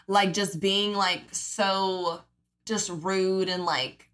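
A woman's voice: medium pitch, takes it slowly, a bit bright. A woman in her twenties talks her way through a podcast episode in loose, casual chat. She acts out the people she quotes, swears freely, and fills her speech with fillers. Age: 20s. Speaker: podcast host.

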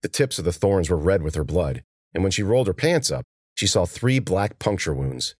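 Husky, low-pitched male audiobook narrator. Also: expressive, moderate pace, no echo, clean studio sound. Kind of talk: scripted narration.

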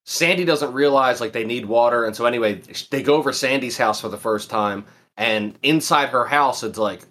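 A man in casual chat who retells scenes in an animated way and swears freely. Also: mid-range voice, a little fast. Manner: animated storyteller, profane.

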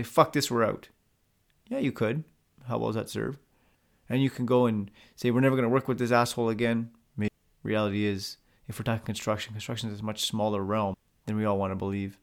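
A man hosting a podcast, giving blunt, profane, direct coaching advice in a monologue. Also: a little high.

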